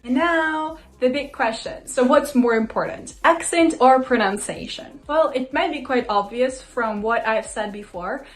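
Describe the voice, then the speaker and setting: High-voiced teen girl vlogger. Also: unhurried, hardly any pauses. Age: teens. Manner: chatty, loose, with fillers like "basically". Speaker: language vlogger. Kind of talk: casual talk to camera.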